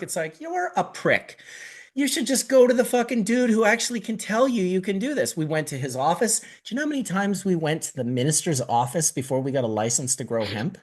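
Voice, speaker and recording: A man's voice: high voice, fairly quick. Profane, rambling middle-aged man. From Canada (Manitoba). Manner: animated, profane, rambling storyteller. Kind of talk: casual podcast chat.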